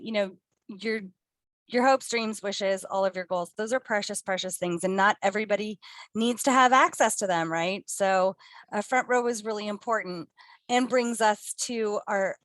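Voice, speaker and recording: A woman's voice: medium pitch, fairly bright tone, dry recording. A middle-aged woman giving a motivational talk, conversational and reflective with her audience. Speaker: co-host presenter.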